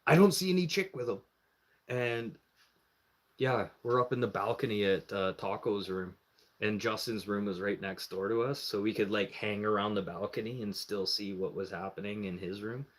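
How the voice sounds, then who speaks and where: At a moderate pace and with a voice on the low side, a man tells a long story casually on a live stream. Profanity flows freely as he acts out what people said, animated throughout and voicing the others.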